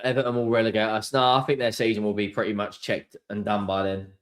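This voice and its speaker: A young man hosting a live football watchalong, excitable and sweary, swinging between shouts and mutters. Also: on the low side, fast talker. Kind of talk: live match watchalong reaction.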